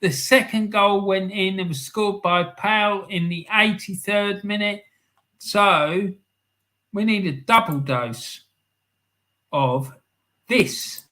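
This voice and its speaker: Slow-talking bright-voiced male stream host. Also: high-pitched. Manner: chatty, reads viewer comments aloud, excitable asides. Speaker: live stream host reading football scores and chat. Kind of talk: casual live-stream chat.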